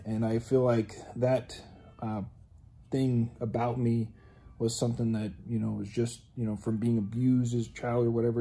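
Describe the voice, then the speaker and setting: Man with a very dark, husky voice. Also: medium pitch. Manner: earnest, halting, many you-knows. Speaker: testimony speaker. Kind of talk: personal faith testimony.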